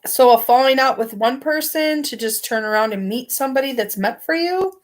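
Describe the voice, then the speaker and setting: A woman's voice: high voice, expressive, normal speed. Rambling woman reading tarot cards. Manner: rambling, filler-heavy with frequent "like". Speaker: tarot card reader. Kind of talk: casual tarot reading to camera. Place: on her bed at home. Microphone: camera in front of her.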